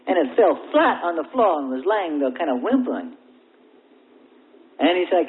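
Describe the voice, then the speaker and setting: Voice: mid-range voice, very animated, moderate pace, pauses often. A preacher delivering an impassioned evening sermon, climbing into pleading fervor as it builds. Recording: tinny, narrow-band old tape recording.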